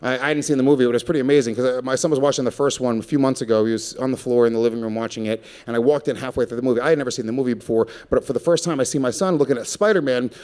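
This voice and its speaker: A man doing a stand-up comedy set, brash and profane with a deadpan edge. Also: mid-range voice, very fast, hardly any pauses. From Puerto Rico. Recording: live club set with a laughing crowd. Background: audience laughter.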